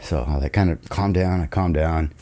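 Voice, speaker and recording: A man with a somewhat low voice speaks as a guest on a studio podcast mic. He tells his story in loose, casual chat, animated and full of swearing. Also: normal speed.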